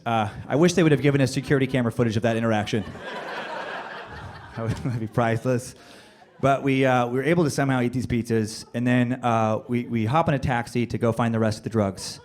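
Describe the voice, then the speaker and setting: A man doing stand-up, telling a rambling, profane story with fillers and bursts of high yelling when he acts out moments. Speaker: stand-up comedian. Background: audience laughter.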